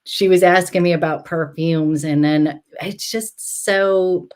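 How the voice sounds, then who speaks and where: A woman's voice: lowish voice, fairly even intonation, takes it slowly, darkish tone. A woman co-hosting a live beauty chat, talking in a chatty, enthusiastic way. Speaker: beauty live-stream co-host. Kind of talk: casual live-stream chat.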